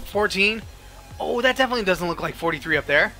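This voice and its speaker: A man giving excited, animated commentary over his own gameplay, yelping and laughing at his mishaps. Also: high-pitched, fast talker, faint music behind. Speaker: gaming video host.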